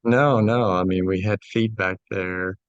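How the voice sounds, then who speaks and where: An older man with a gravelly voice on a video call, speaking slowly and fumbling with his audio settings. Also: low-pitched, fairly even intonation, no echo, muffled recording. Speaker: class participant.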